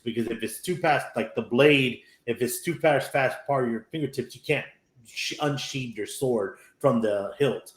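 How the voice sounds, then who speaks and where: A man's voice: medium pitch, normal speed. A man hosting a podcast who chats casually and rambles, tagging his points with "right?". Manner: rambling, tags lines with "right?". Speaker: podcast host. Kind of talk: casual chat. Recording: roomy echo.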